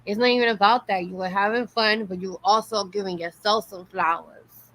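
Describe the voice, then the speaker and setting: A woman's voice: mid-range voice, steady tone, a little fast, a bit bright. A woman hosting a casual interview, upbeat and encouraging, with plenty of slang. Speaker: interview host. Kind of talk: casual chat.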